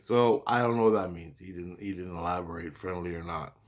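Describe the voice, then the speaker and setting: A man's voice: deep voice, fairly quick. A man telling a long story in a casual, rambling monologue, repeating himself and swearing now and then. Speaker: vlogger recounting spiritual experiences.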